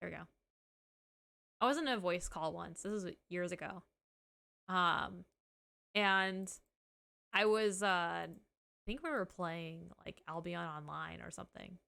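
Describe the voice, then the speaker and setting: A young woman streams live in easy, casual chat, with a Californian accent from her home state. She giggles often and leans on "like" as she talks. She speaks at an unhurried pace. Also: fairly low pitch, gravelly, pushed and bright. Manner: giggly, says "like" a lot.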